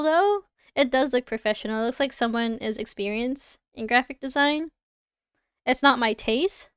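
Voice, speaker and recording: A woman's voice: high voice, a bit bright, clean tone, no room sound, clean studio sound. A young woman with a Canadian accent, chatting casually and giggling as she reacts to viewers on a livestream. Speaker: livestreamer reviewing design work.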